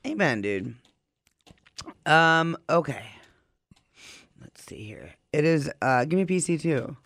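A man trading blunt, teasing wisecracks on a morning radio show. His voice sits a bit high and sounds bright and forward. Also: expressive, slow pace, gravelly, no echo. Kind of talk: casual morning show banter.

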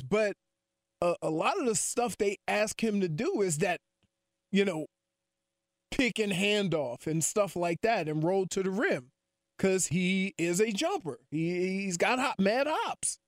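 Brief: male co-host, high lively voice, animated teasing banter. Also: takes it slowly, no room sound, clean studio sound. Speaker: sports podcast co-host. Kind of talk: casual sports chat.

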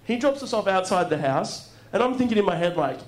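A man's voice: sits high, a little fast. A man from Australia co-hosting a live comedy podcast, telling a story and acting out the lines of the people in it. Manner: animated storyteller, acts out quotes. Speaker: podcast co-host. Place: live venue with audience.

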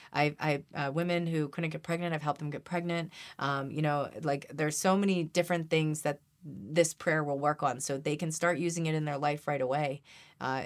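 A woman with a low voice speaks as a podcast guest about energy healing. She talks earnestly and with energy, repeats herself, and softens to a hushed tone when she recites prayers. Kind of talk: conversational interview.

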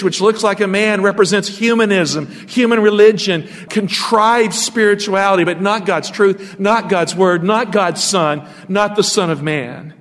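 A man preaches as a pastor, teaching from scripture and pausing to put rhetorical questions to his listeners. His voice sits high for a man. A long reverb trails behind his words. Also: fairly bright tone. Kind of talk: sermon.

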